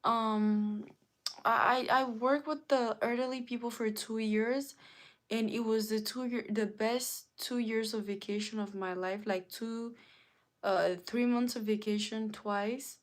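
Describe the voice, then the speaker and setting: A woman's voice: fairly high pitch, fairly even intonation, measured pace. A woman from Africa talking earnestly and emotionally in a casual livestream monologue, telling stories and preaching her point. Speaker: livestream host.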